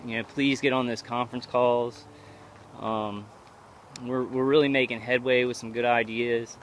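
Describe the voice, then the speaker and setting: A man talks into a handheld camera as he walks outside at night, and his voice sits at an ordinary middle pitch. He rambles and stops often, restarting his sentences. Faint traffic hums behind him. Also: flat delivery. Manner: rambling, halting, many restarts. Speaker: vlogger. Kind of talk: casual walking vlog monologue. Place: outdoors at night, walking.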